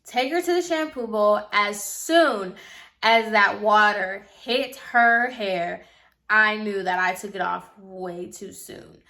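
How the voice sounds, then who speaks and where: A woman's voice: mid-range voice, takes it slowly, sharp tone. A woman in her twenties, a hairstylist telling a casual storytime, chatty and full of "like" fillers. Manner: chatty, filler-heavy with frequent "like".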